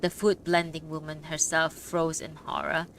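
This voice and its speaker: A woman narrating a novel as an audiobook in a measured reading voice. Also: sits low, flat delivery, gravelly, a bit bright, slight background noise. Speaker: audiobook reader.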